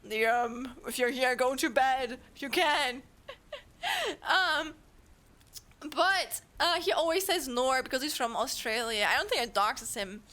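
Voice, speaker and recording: Speaking unhurriedly in a high, sharp voice, a young German woman with a German accent chats casually with viewers from her home streaming setup. She giggles and rambles, leaning on lots of fillers.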